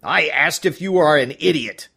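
A man's voice: high voice, expressive, measured pace, fairly bright tone, voice pushed up, exaggerated voice. A man voicing a fussy old male judge who whines in a childish voice and barks when angry. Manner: plaintive and petulant, snapping into barking.

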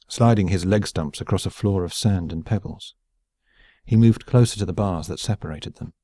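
A man reading an audiobook in a measured, even storytelling voice on a close mic. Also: deep voice, no echo. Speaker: audiobook narrator. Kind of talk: scripted narration.

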